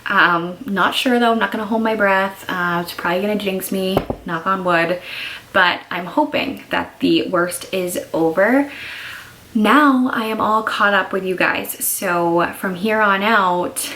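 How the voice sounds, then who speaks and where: A woman's voice: mid-range voice, a little slow, pushed and bright, poor audio. A young pregnant woman telling her story in a candid, chatty video diary. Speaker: vlogger.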